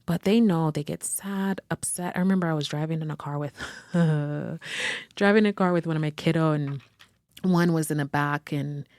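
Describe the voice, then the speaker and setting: A woman's voice: low voice, normal speed, no room sound, clean studio sound. A woman podcast host, a therapist, talking in a reflective, searching way and often correcting herself as she thinks aloud. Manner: searching, self-correcting, gently conversational. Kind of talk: reflective solo talk.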